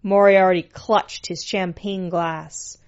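A woman's voice: on the low side, fairly even intonation, slow, muffled recording. A woman narrating a story in a dry, sardonic manner.

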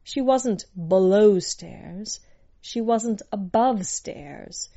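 A woman reads a story aloud at a very slow, unhurried pace. Her voice is mellow and fairly low for a woman. The sound is a little dull and lo-fi. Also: vocal fry. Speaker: narrator.

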